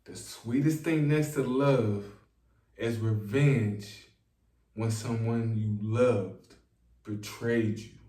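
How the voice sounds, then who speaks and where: Slow-drawling man lecturing viewers. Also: fairly low pitch, steady tone, mellow, recorded from a distance. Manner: drawling, preachy, repeats himself for emphasis. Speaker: online self-help talker. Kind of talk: slow rambling monologue to viewers. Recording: echoey room, voice set back from the mic.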